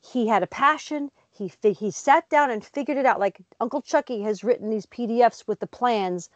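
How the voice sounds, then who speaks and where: A woman co-hosting a casual talk show, telling stories with lively acted-out voices. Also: fairly high pitch, normal speed, dry recording, muffled recording. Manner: lively storyteller, acts out voices. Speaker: co-host. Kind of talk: casual chat.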